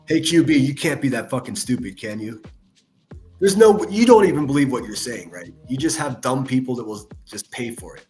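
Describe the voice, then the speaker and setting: A man delivers angry reaction commentary in a scornful, profane rant. His pitch sits in an ordinary middle range. Faint music plays underneath. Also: a little mellow. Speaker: commentary channel host.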